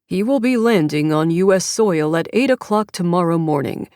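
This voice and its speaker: A woman voicing a male kidnapper who speaks through a mechanical voice, flat and commanding, in an audiobook. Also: on the low side, normal speed, no room sound, clean studio sound, natural voice. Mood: demanding. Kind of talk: audiobook character reading.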